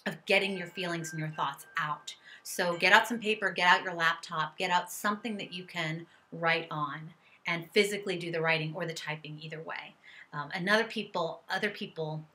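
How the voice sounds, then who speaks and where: A middle-aged woman speaks as a therapist, coaching her listeners in an earnest, encouraging way. Her voice sits a little low yet has a bright, forceful edge. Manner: earnest, coaching, acts out angry statements. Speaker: therapist giving advice. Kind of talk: direct-to-camera advice talk.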